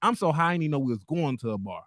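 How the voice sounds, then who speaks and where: Animated storytelling man, dry close sound. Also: a little high, racing, dry recording. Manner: animated storyteller acting out quotes, profane slang. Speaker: podcast co-host. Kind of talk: casual storytelling chat.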